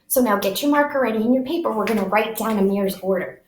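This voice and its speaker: A woman teaching young children, speaking slowly in an exaggerated, sing-song teacher voice during make-believe play. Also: mid-range voice, reverberant, slight background noise. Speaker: preschool teacher.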